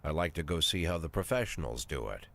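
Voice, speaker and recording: A man's voice: very deep voice, animated, fast, fairly bright tone, exaggerated voice. An actor in his sixties playing a cynical, aging male police chief, narrating a video game in a dry, crude, world-weary way. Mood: wry. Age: 60s.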